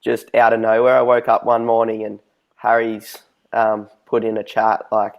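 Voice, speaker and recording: A man, a lifeguard guest, telling a story in a relaxed, rambling way. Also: on the low side, moderate pace, vocal fry, lo-fi sound. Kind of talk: casual storytelling.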